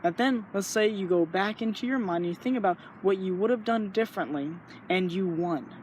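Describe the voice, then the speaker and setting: A man's voice: high voice, fairly quick, a little hiss or hum. A young man talking earnestly in a rambling, casual way, sharing his thoughts and acting out little inner voices. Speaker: vlogger. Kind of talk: casual spoken reflection.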